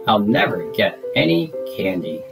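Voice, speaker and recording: A man's voice: lowish voice, very animated, moderate pace, creaky, pitched below the performer's own voice. A man voicing a hapless male turkey who gobbles and sulks when turned away, with guitar music behind. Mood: pleading. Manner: gobbling, sulky when refused.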